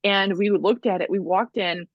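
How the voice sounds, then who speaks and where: In a muffled recording with no room sound, a woman co-hosting a podcast tells stories in casual conversation. Her mid-range voice moves at normal speed, and her animated storytelling is full of "like"s and laughter.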